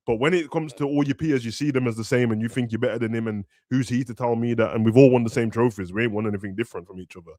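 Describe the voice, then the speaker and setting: A young man talks football on a live podcast, slangy and animated, acting out players in raised voices. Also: medium pitch, rapid-fire, hardly any pauses, no echo, clean studio sound. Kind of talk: casual football chat.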